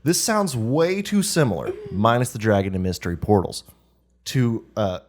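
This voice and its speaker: Very low-voiced, wisecracking woman. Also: lively intonation, moderate pace, a little mellow. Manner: dry, wisecracking interjections. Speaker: podcast co-host. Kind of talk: casual chat.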